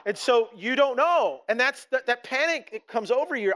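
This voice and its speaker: A middle-aged male pastor delivering a sermon in a high, light voice. He talks to the congregation as if chatting, acting out little quotes along the way and restarting his sentences as he goes. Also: brisk, hardly any pauses, fairly bright tone. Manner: conversational, with frequent restarts and acted-out quotes.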